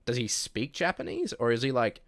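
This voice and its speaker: A young man with a New Zealand accent, chatting casually on a livestream and reading chat aloud, relaxed, laughing easily and restarting his sentences. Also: medium pitch, a little fast, creaky, no echo, studio quality. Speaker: streamer.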